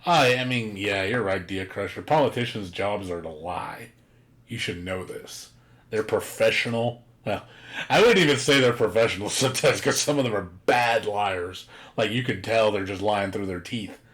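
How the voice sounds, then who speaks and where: Streamer guy, lowish voice, ranting blunt and sweary between games. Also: moderate pace, fairly bright tone. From United States. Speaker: game streamer. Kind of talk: casual chat.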